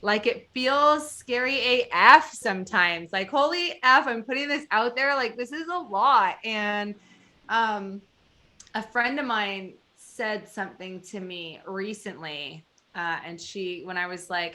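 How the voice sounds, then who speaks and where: A woman hosting a casual podcast chat, her voice bright and forward. She talks in an animated way and slips into little acted-out quotes of what she and others said. The odd swear word comes out easily. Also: medium pitch, unhurried. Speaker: podcast host.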